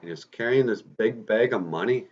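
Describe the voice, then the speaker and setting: A man's voice: on the low side, normal speed, highs cut off, pitched above the performer's own voice, lightly acted. A man voicing a dying older uncle, speaking in a strained, urgent way.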